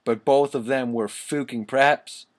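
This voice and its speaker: Slow, laughing male reader. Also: mid-range voice, steady tone. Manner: amused, laughing often, stumbling over misspellings. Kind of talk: comedic reading of fan fiction aloud.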